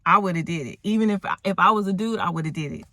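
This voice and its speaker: A woman with a bright, forceful voice rambles through a movie recap in a dry, close sound. She tells the plot loosely and breaks off to exclaim and react to what the characters do. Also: fairly low pitch, racing, no room sound. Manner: animated storyteller who acts out the characters and exclaims at the plot.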